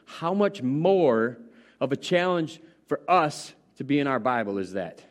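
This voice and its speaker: A man's voice: medium pitch, sing-song, a little slow. A middle-aged man preaching a sermon, retelling scripture in a casual, storytelling way. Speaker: pastor.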